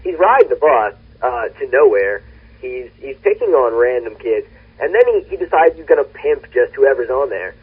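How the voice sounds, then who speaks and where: A man's voice: mid-range voice, sing-song, moderate pace, husky. A man chatting on a podcast with dry, wry commentary. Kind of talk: casual podcast chat. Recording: tinny phone-line sound.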